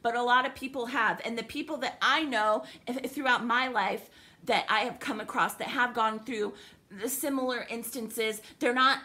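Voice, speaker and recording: A woman's voice: a little high, steady tone, moderate pace, pushed and bright. A young woman venting in an angry, profane, sarcastic rant to the camera, upset and livid. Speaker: vlogger.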